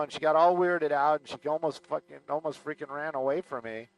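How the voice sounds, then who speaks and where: A man's voice: fairly high pitch, fairly quick, hardly any pauses, clean tone, low-quality recording. A man hosting a live aerial stream, telling a casual, rambling story full of fillers and acted-out quotes. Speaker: aerial news pilot and livestream host.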